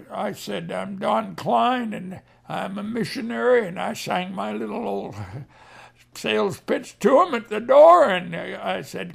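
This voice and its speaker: A man's voice: high-pitched, vocal fry. A male missionary giving a homespun ministry appeal, talking plainly and calling his listeners neighbor as he tells an emotional story. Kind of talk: folksy radio ministry appeal.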